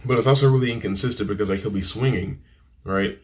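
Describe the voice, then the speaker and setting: A man's voice: fairly low pitch, fast. A man reviewing a film in casual chat to a camera, rambling and dismissive, with many fillers and restarts. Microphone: camera mic.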